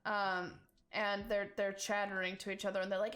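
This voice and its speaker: A woman's voice: medium pitch, little pitch movement, moderate pace, fairly bright tone. A woman running a tabletop game as game master, narrating loosely and playfully and laughing often.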